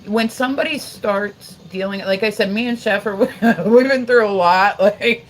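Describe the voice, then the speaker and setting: A woman's voice: mid-range voice, normal speed, slight background noise, low-quality recording. Woman in her forties, rambling livestream storyteller. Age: 40s. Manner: rambling, swears freely, frequent "like"; chats to viewers between stories.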